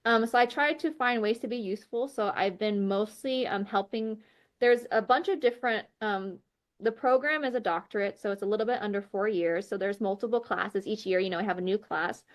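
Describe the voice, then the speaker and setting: Speaking briskly at medium pitch, a woman appears as a podcast guest to give her personal faith testimony. Her earnest delivery is packed with fillers like "like" and "you know," and she animatedly performs the quoted dialogue in her story.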